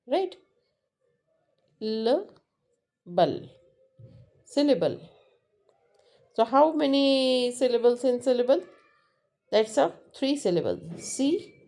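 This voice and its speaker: A woman with an Indian English accent teaching a lesson, explaining patiently and repeating words slowly, sometimes switching into Hindi. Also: a little high, dark tone. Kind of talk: classroom lesson.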